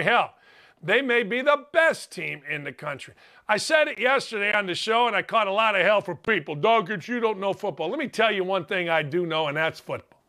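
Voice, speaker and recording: A man hosting a sports talk show, delivering an opinionated monologue with brash, emphatic outbursts and quieter, earnest stretches. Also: high voice. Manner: brash, emphatic, bursts into loud exclamations; turns quiet and earnest on serious subjects.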